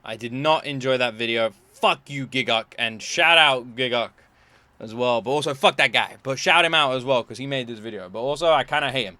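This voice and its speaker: Animated man ranting in a reaction video. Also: on the high side, quick pace, dry recording. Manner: exasperated ranting, swearing, swinging between shouting and mumbling. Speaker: YouTube reactor.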